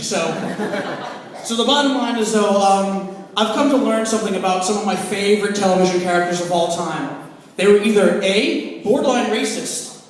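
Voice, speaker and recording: A young man in his twenties performing a profane, conversational stand-up set on a comedy club stage. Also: very high voice. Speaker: stand-up comic. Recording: echoey club, captured from far off.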